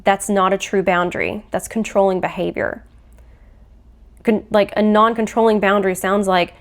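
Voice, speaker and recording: A woman's voice: medium pitch, little pitch movement, normal speed. A woman hosting a faith-based podcast, teaching in an earnest, explanatory way and acting out quoted phrases. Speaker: podcast host.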